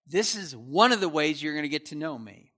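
A man's voice: fairly high pitch, very animated, a little fast, fairly bright tone. A man teaching through a Bible passage verse by verse, with casual asides that check in with his listeners.

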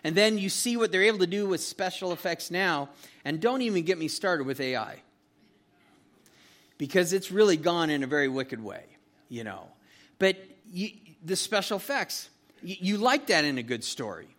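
A man preaching a casual, animated sermon, reading scripture and retelling the story with frequent restarts. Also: high voice, normal speed. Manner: conversational, animated, with repeated restarts. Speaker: pastor. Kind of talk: expository Bible sermon.

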